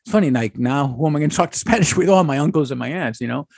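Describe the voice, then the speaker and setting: A man with a gravelly, husky voice tells stories on a podcast, his pitch rising and falling a lot. He talks in a relaxed way, and the recording is close and dry. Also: rapid-fire, no room sound. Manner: relaxed storytelling, animated. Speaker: podcast co-host. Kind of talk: casual chat.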